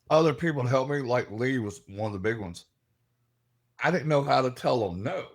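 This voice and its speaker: A middle-aged man, a guest telling animated stories and laughing as he acts out the voices in them. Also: medium pitch. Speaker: guest, paranormal investigator. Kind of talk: animated storytelling.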